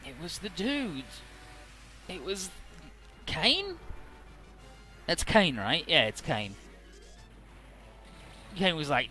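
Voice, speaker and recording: Bright, lively man doing game commentary. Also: fairly high pitch, drawn-out words, pauses often. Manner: irreverent, swears, stumbles over names. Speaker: let's play gamer. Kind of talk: casual game commentary, reading dialogue aloud. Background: faint game music.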